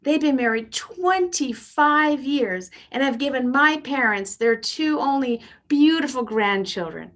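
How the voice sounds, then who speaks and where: Bright-voiced brash woman comedian in her fifties. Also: sits high, animated, unhurried, few pauses. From Canada. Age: 50s. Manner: brash, self-deprecating punchlines. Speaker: stand-up comedian. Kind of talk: stand-up routine.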